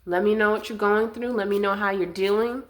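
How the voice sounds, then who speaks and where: A woman's voice: medium pitch, steady tone. A woman doing a collective tarot reading to camera, soothing and affectionate, a little winded. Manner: slow, soothing and affectionate, calls viewers loves and darling. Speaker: tarot reader.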